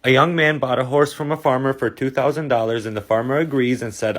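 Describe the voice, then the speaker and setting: Man narrating jokes deadpan. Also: mid-range voice, fast. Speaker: joke narrator. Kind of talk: storytime joke narration.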